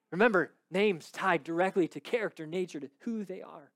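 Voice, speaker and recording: A man preaching a sermon and reading scripture aloud. He rises high when he stresses a point, then drops low and quiet. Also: brisk, hardly any pauses, no room sound, studio quality.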